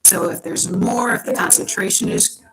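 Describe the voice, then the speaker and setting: A woman's voice: medium pitch, moderate pace, husky, low-quality recording. A woman chemistry teacher giving an online class from home, explaining step by step with frequent ums. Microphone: home computer mic on a live stream.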